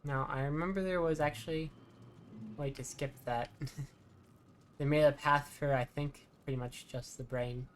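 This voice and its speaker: A streamer giving relaxed, chatty commentary while playing, muttering asides. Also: medium pitch, a little slow, long pauses, a little hiss or hum. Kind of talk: casual gameplay commentary.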